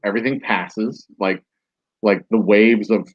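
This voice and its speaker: A man's voice: lowish voice, unhurried, slightly rough, dull audio. A man hosting a podcast, telling a story casually, rambling with many fillers and restarts. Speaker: podcast host.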